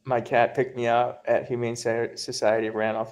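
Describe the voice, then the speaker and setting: A man's voice: medium pitch, little pitch movement, moderate pace, a little mellow. A man hosting a casual livestream from home, chatting and reading viewer comments aloud, laughing often. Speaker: livestream host.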